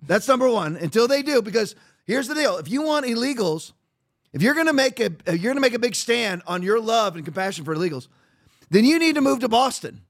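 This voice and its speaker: A man's voice: extremely high pitch, big pitch swings, brisk. A man hosting a podcast, delivering a combative, mocking monologue that rambles with frequent restarts. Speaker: podcast host.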